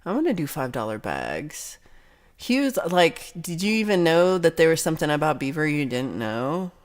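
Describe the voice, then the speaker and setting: A woman's voice: low-pitched, sing-song, normal speed. A woman hosting a casual livestream chat, reading viewer comments aloud and reacting with giggles and chatty asides. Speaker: livestream host.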